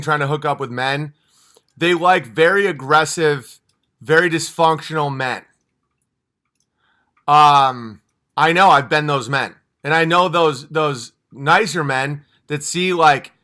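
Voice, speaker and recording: A man hosts a livestream with a high, bright, forceful voice. He rants with heat, swearing freely and rambling between points. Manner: passionate, profane, rambling. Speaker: livestream host. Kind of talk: heated livestream rant.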